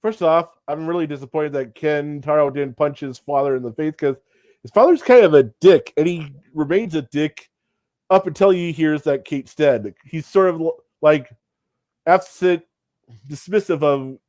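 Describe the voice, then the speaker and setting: A man's voice: a little high, normal speed, darkish tone, no echo. A man hosting a casual show review chat, blunt and profane, retelling scenes as he goes. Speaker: podcast host.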